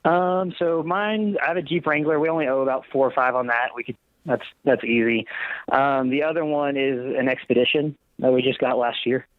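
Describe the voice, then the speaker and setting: A man's voice: mid-range voice, fairly even intonation, brisk, no room sound. A man calling in to a radio advice show, answering hesitantly with many ums. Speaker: caller. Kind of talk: phone-in conversation. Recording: tinny phone line.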